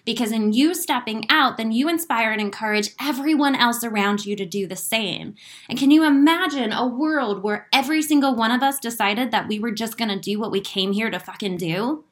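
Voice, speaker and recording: A woman's voice: a little high, normal speed, fairly bright tone. A woman giving an emotional, spiritual motivational talk to her viewers. She speaks with earnest conviction, swears freely and laughs through her emotion. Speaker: inspirational speaker.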